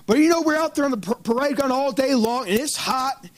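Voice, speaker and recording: A man with a strikingly high voice preaches through a story, animated and quick to chuckle. The sound is very dry and close, with no room around it. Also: no room sound, low-quality recording. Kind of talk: storytelling sermon.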